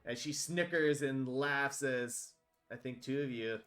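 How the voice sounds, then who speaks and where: A man acting as game master, narrating a tabletop game in a relaxed way and laughing off his own mistakes. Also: medium pitch, unhurried, faint music behind.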